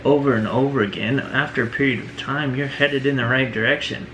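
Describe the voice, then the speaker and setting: A man's voice: mid-range voice, fairly even intonation, fairly quick, fairly bright tone, a little hiss or hum, poor audio. A man talking earnestly in a personal vlog, leaning on "you know" and "right?" as he reflects. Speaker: vlogger.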